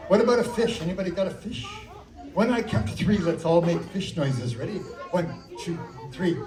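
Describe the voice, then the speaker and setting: Kids magic show performer, lively up-and-down voice, far from the cam, room echoes, tons of kids yelling behind. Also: medium pitch, moderate pace. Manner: playful, coaxing the crowd with countdowns. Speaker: children's magician. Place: library activity room, indoors. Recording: distant, echoey, loud crowd noise. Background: noisy crowd of children.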